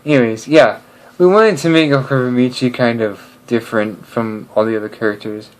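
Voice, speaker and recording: A young man chatting casually to camera, rambling and hesitant, with many pauses and restarts. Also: medium pitch, low-quality recording. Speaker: video creator.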